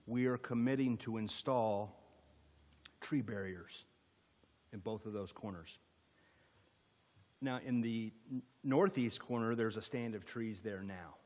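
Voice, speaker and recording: A man's voice: lowish voice, a little slow, long pauses, darkish tone, big-room sound. A man with an Indiana accent presenting a rezoning proposal at a county planning meeting, in an orderly way with frequent fillers. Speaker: economic development presenter.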